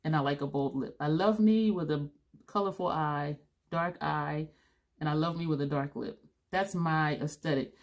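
A woman's voice: low voice, moderate pace. A woman in her fifties chatting casually to camera as a beauty vlogger, blunt and rambling, laughing now and then, a little tired. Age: 50s.

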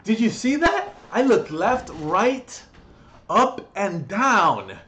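A man's voice: high-pitched, sing-song, takes it slowly, pushed and bright. A young man ranting brashly in a comedic gaming vlog from his bedroom, crude and mocking, swearing constantly. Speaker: gaming vlogger.

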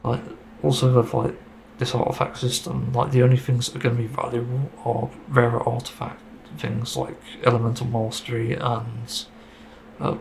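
A man's voice: mid-range voice, flat delivery, normal speed, gravelly, a little mellow, slight background noise, low-quality recording. A man giving a casual, rambling opinion monologue about a game, getting frustrated and swearing casually. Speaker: gaming video creator.

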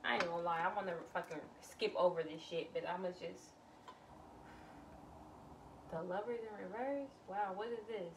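A woman's voice: lowish voice, normal speed, long pauses, far from the mic, slight background noise. A woman doing a casual tarot reading, blunt and exclamatory, swearing freely as she lays out cards. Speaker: tarot reader.

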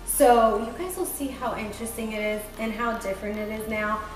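A woman's voice: on the high side, brisk, over loud music. A woman vlogging casually from her home kitchen as a busy new mom, chatty and upbeat, with lots of "like" and "literally". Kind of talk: casual vlog chat.

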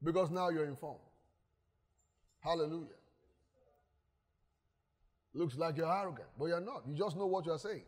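A man's voice: fairly high pitch, moderate pace, pauses often. A man, a pastor preaching a sermon, emphatic and often putting questions to the congregation. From Nigeria. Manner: emphatic, asks the congregation questions, acts out stories. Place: church hall. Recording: long church hall reverb.

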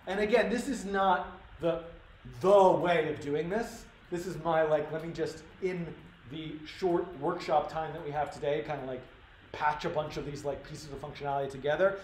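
A man's voice: a little high, steady tone, moderate pace. A man teaching a live-coding workshop, thinking aloud with lots of fillers and restarts. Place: workshop room. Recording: roomy live-stream audio with faint room noise.

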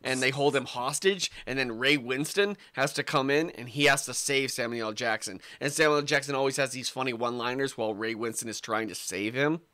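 A British man co-hosting a comedy podcast, pitching silly movie ideas in casual chat. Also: a little fast, hardly any pauses, bright, forceful tone, no echo, clean studio sound. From Britain. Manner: jokey, pitches ideas and slips into silly voices. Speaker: podcast co-host.

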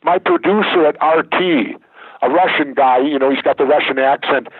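A man's voice: a little high, normal speed, breathy edge, no echo. An older man, a former governor, talking bluntly and emphatically as an interview guest. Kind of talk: candid interview talk. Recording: tinny phone line, dry.

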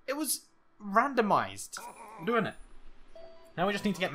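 A gaming channel host giving excitable, jumpy let's-play commentary, with frequent laughs and sudden exclamations. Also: medium pitch, moderate pace, pauses often.

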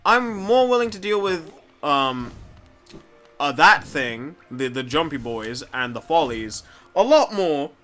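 A young man talks his way through a video game in loose, rambling commentary, swearing and chatting to the things on screen. His voice has a bright, tense edge, and soft mumbling keeps giving way to loud, excited bursts. Faint game music plays behind him. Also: a little high, takes it slowly. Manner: mumbles softly, then jumps into loud excited outbursts. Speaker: gameplay commentator. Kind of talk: casual let's play commentary.

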